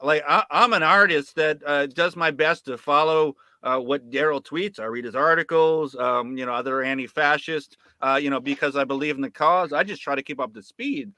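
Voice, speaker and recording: A man talking about his filmmaking with a very bright, edgy tone that sits a little high. He swears freely, turns sarcastic, and piles up fillers and restarts. The sound is dry and close to the mic. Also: moderate pace, hardly any pauses, no room sound. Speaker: filmmaker guest. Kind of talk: animated casual storytelling.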